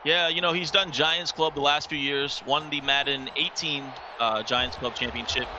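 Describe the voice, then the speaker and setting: Give me a male esports analyst with a bright, fast delivery, breaking down plays for the viewers. The recording is a little dull. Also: fairly high pitch, steady tone, slight background noise. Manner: explanatory, coaching asides to viewers. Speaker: esports color commentator. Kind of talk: game analysis commentary.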